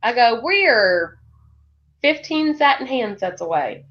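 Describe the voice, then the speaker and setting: A woman's voice: a little high, very animated, takes it slowly. A woman giving a motivational talk to her sales team, laughing often and acting out the voices she quotes. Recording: dull lo-fi recording.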